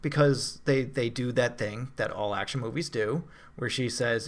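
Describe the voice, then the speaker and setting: A man's voice: medium pitch, normal speed. A man co-hosting a podcast, chatting casually and animatedly about a film he reviewed, with many restarts and fillers. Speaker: podcast co-host.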